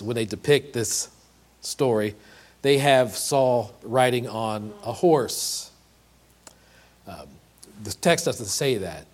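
A man preaching a sermon, earnest and emphatic, often repeating and restarting words and asking rhetorical questions. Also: mid-range voice. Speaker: pastor.

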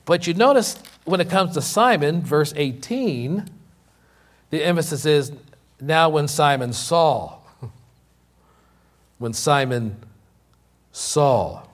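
A man preaching a sermon, stressing key points by repeating them, slowing down on important words, with some fillers and restarts. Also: fairly high pitch, expressive. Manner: repeats key lines for emphasis, with many slow, drawn-out words. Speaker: pastor.

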